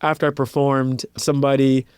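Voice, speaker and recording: This interview features a thirty-something composer and pianist telling stories casually and thoughtfully, peppered with "like" and acted-out quotes. His medium-pitched voice is level, a little mellow, clear and resonant, at a normal speed. The recording is dry and studio quality.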